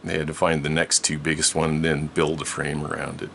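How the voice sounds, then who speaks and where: A man's voice: a bass voice, monotone, fairly quick, vocal fry, a bit bright, a little hiss or hum. An older man telling a long story from his childhood in a rambling way, with many restarts and frequent laughs. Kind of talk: casual storytelling.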